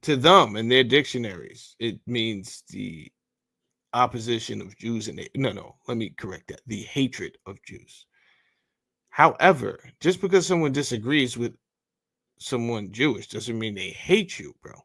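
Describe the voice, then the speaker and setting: A man's voice: mid-range voice, expressive, unhurried, vocal fry, fairly bright tone, breathy edge. A man hosting a podcast, giving blunt, heated commentary full of profanity while reading from a bill. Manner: heated, blunt and profane, says bro a lot. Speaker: podcast host.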